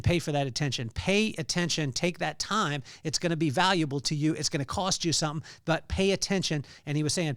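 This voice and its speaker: A man's voice: fairly high pitch, no echo, studio quality. Earnest man giving a casual devotional talk. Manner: earnest, conversational, with frequent fillers and light laughs. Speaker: podcast host.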